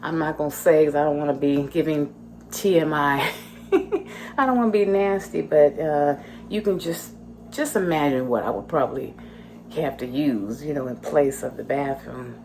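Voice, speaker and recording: A woman's voice: deep voice, normal speed, a little mellow, a little hiss or hum. A woman vlogging from her home kitchen, chatting casually to her viewers as she prepares food. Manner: chatty, talks to viewers while cooking.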